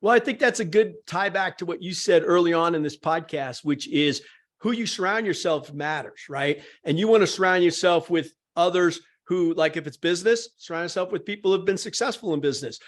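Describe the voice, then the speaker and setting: A man hosting a podcast, chatting casually and warmly affirming his guest before asking his next question. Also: high voice, fairly quick. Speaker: podcast host. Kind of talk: casual interview chat.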